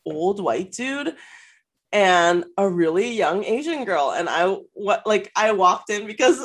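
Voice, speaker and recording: A woman co-host spinning a story on a casual podcast, her voice bouncing lively up and down. She talks in a loose, chatty way with plenty of fillers, breaks into laughs, and slips into little impressions of the people she describes. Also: medium pitch, unhurried, slightly rough. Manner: animated, frequent fillers and laughs, acts out quotes.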